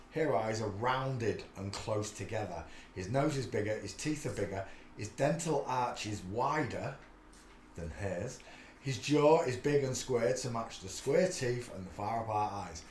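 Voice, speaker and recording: A man's voice: mid-range voice, echoey room, slight background noise. A man hosting a casual live stream, chatting in a rambling way with many filler sounds. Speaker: livestream host.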